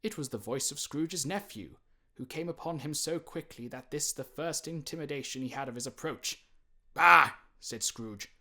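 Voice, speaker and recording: A man narrating a classic storybook in a measured, expressive reading, acting out the quoted characters. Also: fairly high pitch. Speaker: audiobook narrator.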